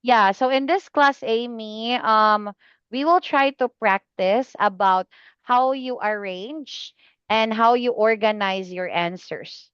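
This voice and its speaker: A woman tutoring a student in speaking, patient and slow, repeating the student's name often. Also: a little high, fairly bright tone, clean tone, no echo, dull audio. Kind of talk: one-on-one online lesson feedback.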